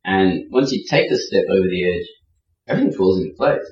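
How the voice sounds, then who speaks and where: A man telling travel stories in a casual interview, acting out quotes with animated voices. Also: deep voice, fairly quick. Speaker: podcast guest, traveler. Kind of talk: casual storytelling. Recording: roomy, distant, dull sound.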